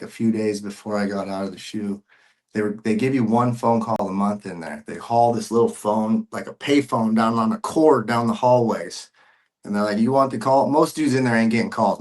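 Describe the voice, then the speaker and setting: A man sharing a personal faith testimony as a podcast guest, earnest and emotional, with casual slang and frequent repeats. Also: fairly low pitch.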